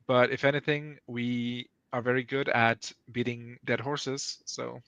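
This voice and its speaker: Bright, playful man on a stream. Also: medium pitch, level tone, slow, clear, resonant tone, dry recording. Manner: playful, joking, laughs often. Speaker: podcast co-host reading chat. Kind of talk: casual live-stream chat.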